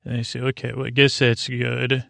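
A man's voice: mid-range voice, monotone, normal speed, creaky, fairly bright tone, no echo. A male podcast host giving a casual, rambling recap of a TV episode and often correcting himself mid-sentence. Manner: rambling, loose, self-correcting.

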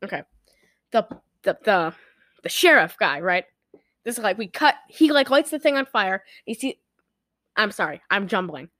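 A young woman co-hosting a podcast rambles casually through a film recap, acting out the characters' lines in an animated retelling. Her mid-range voice moves at a moderate pace with long pauses, recorded dry.

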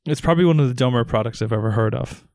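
This co-host talks in an easy mid-range voice, recorded dry and close. The tone is teasing and chatty, with laughter coming quickly. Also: medium pitch, creaky, darkish tone, dry recording. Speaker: podcast co-host. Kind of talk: casual chat.

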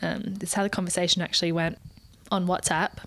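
A woman's voice: lowish voice, level tone, fast talker, a bit bright. A woman co-hosting a podcast, telling a story in a chatty way and laughing often. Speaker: podcast co-host. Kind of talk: casual chat.

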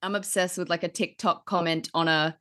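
A woman's voice: lowish voice, fairly even intonation, a little fast, sharp tone. A woman from Australia with an Australian accent, chatting and laughing on a comedy podcast with playful rants. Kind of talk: casual chat.

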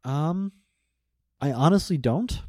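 A man's voice: on the high side, lively intonation, slow pace, darkish tone, no echo, studio quality. A man telling a personal story in casual chat as a guest, rambling, restarting sentences and laughing often.

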